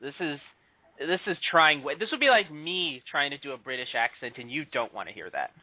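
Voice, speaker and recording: A man's voice: a little high, lively intonation, normal speed, dry recording, muffled recording. A young man co-hosting a casual movie podcast, chatty and opinionated. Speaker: podcast co-host. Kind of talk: casual chat.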